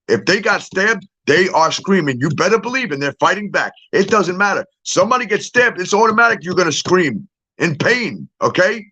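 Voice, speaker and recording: A man's voice: high-pitched, bright, forceful tone. A middle-aged man in a casual, profane ranting monologue, bluntly laying out his theory and keeping on asking "okay?". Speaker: true-crime commentator. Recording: dull lo-fi audio.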